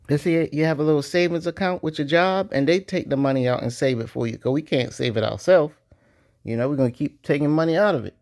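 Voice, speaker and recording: Slangy man riffing on marriage. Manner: animated, slangy, jumps into high-pitched mock voices. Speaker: vlogger. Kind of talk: casual commentary.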